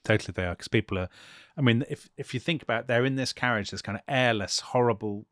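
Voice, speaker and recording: A man's voice: mid-range voice, quick pace, a bit bright, no room sound, studio quality. A man co-hosting a history podcast, retelling events vividly and dropping into quoted speech for the people in the story. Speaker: podcast co-host.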